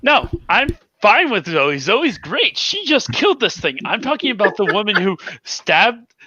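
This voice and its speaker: A man's voice: high voice, very animated, measured pace, bright, forceful tone, highs cut off, slight background noise. A man playing a tabletop game who jumps in eagerly to describe his character. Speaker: player. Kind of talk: casual tabletop play.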